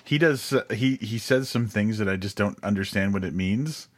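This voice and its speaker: Male podcast co-host, low voice, relaxed and jokey, swears freely. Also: normal speed. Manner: relaxed, joking, heavy casual swearing. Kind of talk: casual chat.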